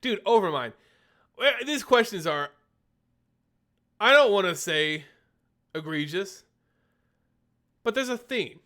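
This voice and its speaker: A man's voice: high-pitched, animated, slow pace, long pauses, sharp tone. A young man hosting a casual live stream, chatting and answering viewer questions, a little phlegmy. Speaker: streamer host.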